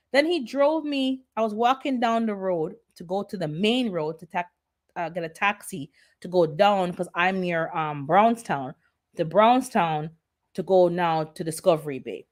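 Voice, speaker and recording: A woman with a Jamaican accent chatting casually on a livestream, telling stories in a lively, chatty way. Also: medium pitch, measured pace. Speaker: gardening channel host.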